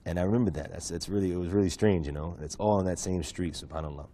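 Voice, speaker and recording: A man from the United States telling the story of his conversion in an interview, talking quickly with lots of fillers. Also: sits low. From USA. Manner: fast, animated storytelling with many fillers. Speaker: guest.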